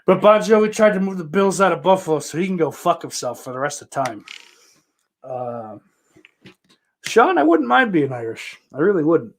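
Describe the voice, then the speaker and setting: A man's voice: fairly high pitch, big pitch swings, moderate pace, a little hiss or hum. A man from hosting a podcast, rambling in casual chat, with lots of swearing, fillers and restarts. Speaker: podcast host. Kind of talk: casual chat answering viewer questions.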